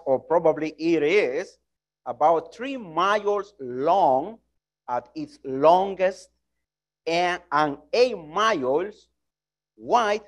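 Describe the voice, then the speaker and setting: Slow earnest preacher with high voice. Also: male voice. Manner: earnest, self-correcting, non-native phrasing. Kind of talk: sermon.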